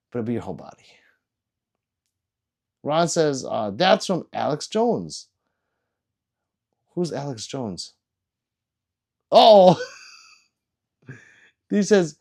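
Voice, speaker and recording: A man's voice: mid-range voice, warm tone. A man livestreaming, reading out chat messages and teasing viewers in a loose, rambling, joking way.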